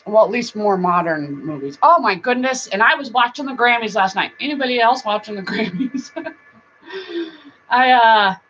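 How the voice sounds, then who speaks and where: A middle-aged woman hosting a casual live-stream chat, rambling warmly, laughing often and now and then breaking into song. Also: a little high, expressive, normal speed. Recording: dull lo-fi sound with faint noise.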